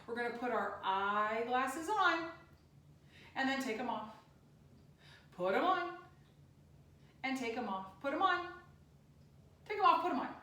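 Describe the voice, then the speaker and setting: Woman kids' yoga teacher, gentle and unhurried, echoey room. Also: sits high, expressive. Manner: gentle, sing-song instructions. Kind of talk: guided kids' yoga class. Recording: echoey room, distant mic.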